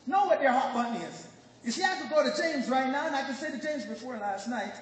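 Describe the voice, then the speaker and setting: With a very high-pitched voice and quick pace, a man with a Jamaican accent gives a motivational business talk, animatedly joking, storytelling and quizzing the audience. Someone recorded it on a phone from far off in the audience, leaving echo from the hall and faint noise.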